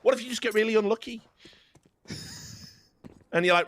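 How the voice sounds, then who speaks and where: A man's voice: sits high, moderate pace, pauses often, a little hiss or hum. A man commentating an esports match, ranting with a laugh in casual banter. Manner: ranting, animated, laughs at his own jokes. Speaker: esports caster.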